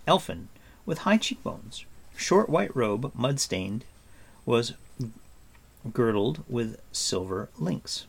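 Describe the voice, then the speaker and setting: A man narrating a fantasy novel aloud in an expressive storytelling manner. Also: fairly low pitch, vocal fry, breathy edge. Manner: expressive storyteller, acts out sounds and moods. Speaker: audiobook narrator.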